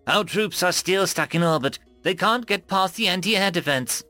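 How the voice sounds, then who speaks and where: An excitable insectoid alien radio operator , as a male narrator puts him on, reports battlefield news in a raised, urgent voice. The pitch climbs high and the reading is loud and animated. Faint music sits underneath. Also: moderate pace.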